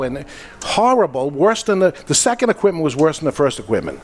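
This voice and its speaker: A man's voice: a little high, a little fast. Storytelling man, podcast studio owner. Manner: animated storytelling, acting out quoted dialogue. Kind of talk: casual panel talk.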